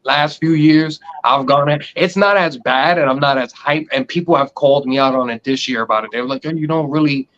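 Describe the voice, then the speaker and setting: A man with a medium-pitched voice co-hosts a casual podcast, talking a little fast with hardly any pauses. He's an animated storyteller who acts out other people's lines, and the dull lo-fi recording carries a little hiss or hum.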